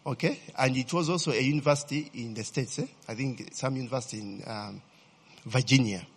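A man's voice: mid-range voice, brisk, breathy edge. A male pastor preaching a sermon, calling out questions to the congregation and tagging lines with "eh?". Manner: animated, asks the congregation to fill in words, frequent "eh?" tags. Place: church hall. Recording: long reverb of a church hall.

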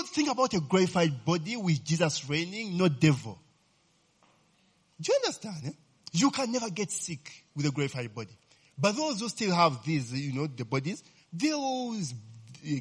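A man preaches a lively sermon, constantly checking on his listeners with "eh?" and quizzing them with questions. His voice is a little high and slightly rough.

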